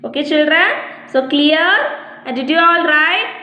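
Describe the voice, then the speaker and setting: A woman's voice: high-pitched, measured pace, pushed and bright. A woman teacher, giving a lesson to young children, repeating each question and spelling the answers letter by letter. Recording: echoey room with long reverb.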